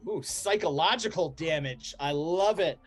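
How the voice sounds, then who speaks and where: A man narrating a tabletop game as game master, relaxed, with frequent ums and laughs. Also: on the high side, unhurried, soft background music.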